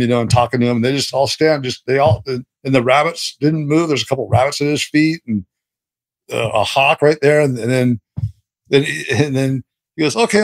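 Rambling, animated male storyteller. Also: medium pitch, no room sound. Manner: rambling, animated, lots of fillers and restarts. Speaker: guest. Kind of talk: casual storytelling.

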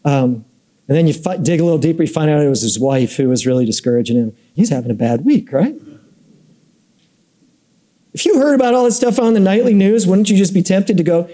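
A man with a high, mellow voice leads a church Bible class in front of a live group. He talks loosely and conversationally, telling stories and kidding with his listeners. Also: animated, fairly quick. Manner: conversational, storytelling, joking with the class. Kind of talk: casual Bible class lecture.

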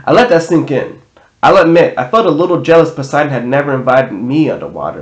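A man's voice: on the high side, lively intonation, fast. A man reading a novel aloud in a casual way, now and then correcting himself. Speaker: audiobook reader. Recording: roomy echo.

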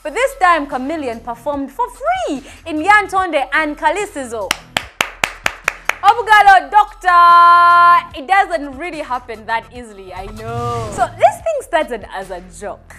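A woman's voice: sits high, very animated, normal speed, music in the background. A Ugandan woman hosting a TV gossip show, chatty and teasing, laughing often as she talks. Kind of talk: lively entertainment news chat. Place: TV studio.

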